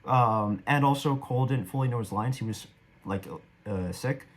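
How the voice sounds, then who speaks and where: A young man talks through his own stage performance in a loose, rambling way. He is casual and a bit self-deprecating, and his voice sits at an ordinary middle pitch. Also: normal speed. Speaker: actor reviewing his performance. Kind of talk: casual commentary.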